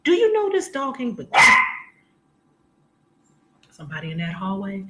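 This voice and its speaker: A woman's voice: on the high side, big pitch swings, moderate pace, pauses often. A woman hosting a casual live stream from home, chatting with viewers, laughing often and greeting them by name. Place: home room, lights turned down. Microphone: camera mic. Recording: echoey room.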